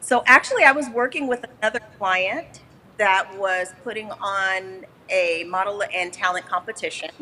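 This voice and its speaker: A woman guest chatting casually in an interview, upbeat and quick to laugh. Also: medium pitch, bright, forceful tone, poor audio. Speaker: guest, business developer.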